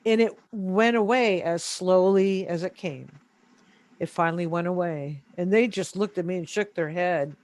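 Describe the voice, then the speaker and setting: A man being interviewed, telling a story in a casual, animated way with many fillers. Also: high voice, moderate pace. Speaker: interview guest.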